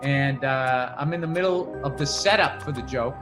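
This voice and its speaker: A man's voice: mid-range voice, normal speed, music in the background. A man telling a long profane story in casual podcast chat, getting fired up as he rants. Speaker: podcast guest comedian.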